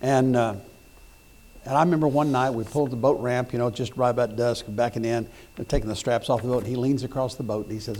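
A middle-aged pastor preaching a sermon, telling folksy stories with repeated words and restarts, then rising to loud emphatic points. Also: male voice, medium pitch, fairly even intonation, fast talker.

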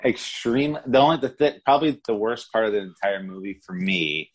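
Male podcast co-host with a lowish voice, rambling, chuckly delivery for a casual film review. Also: lively intonation, a little fast, husky. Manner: rambling, laughs while talking. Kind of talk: casual movie review chat.

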